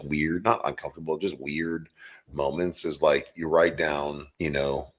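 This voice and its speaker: A man in his forties hosting a podcast, talking earnestly in a rambling, self-correcting way. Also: extremely low pitch. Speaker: podcast host. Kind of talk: casual interview.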